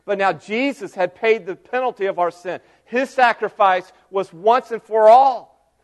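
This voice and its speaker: A middle-aged man preaching a sermon, telling the story with dramatic swings from loud cries to hushed, near-whispered lines. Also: high voice, a little slow. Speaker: pastor.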